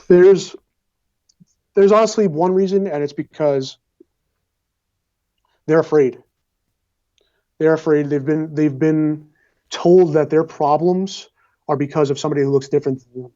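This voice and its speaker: A man's voice: on the high side, fairly even intonation, a little slow, long pauses, mellow. A young man answering as a congressional candidate in an interview, earnest and speechlike, with repeated phrases, on slightly dull lo-fi audio. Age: young adult.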